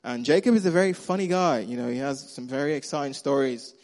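A man's voice: mid-range voice, quick pace, darkish tone. Casual, joking male preacher. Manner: casual and humorous, addresses the congregation directly. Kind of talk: sermon. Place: church service.

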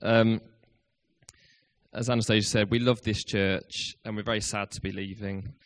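A man's voice: fairly low pitch, little pitch movement, moderate pace. A man in his thirties, a youth worker, giving a hesitant, self-deprecating farewell speech in church with many ums.

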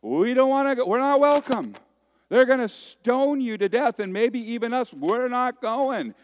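A man's voice: very animated, moderate pace, darkish tone, a little hiss or hum. A man doing frightened, whiny disciples. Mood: pleading, scared. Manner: whiny, high-pitched pleading. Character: frightened male disciples pleading with their teacher.

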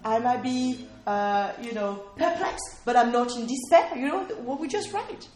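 A woman's voice: a little high, expressive, moderate pace, a little mellow, echoey room. A woman preaching a sermon in a conversational way, often checking in with listeners and asking them questions. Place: room with a small responding audience.

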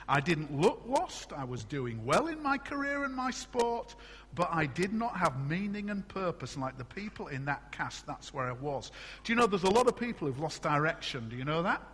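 A middle-aged man from England preaching a sermon in a church, animated and conversational, often asking the congregation questions. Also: on the high side, normal speed, husky, long reverb tail. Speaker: pastor.

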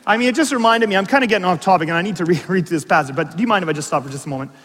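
A man's voice: sits high, very fast, breathy edge, long reverb tail. A man preaching a sermon as pastor, telling stories with asides and questions to the congregation. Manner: animated storytelling with asides and audience questions.

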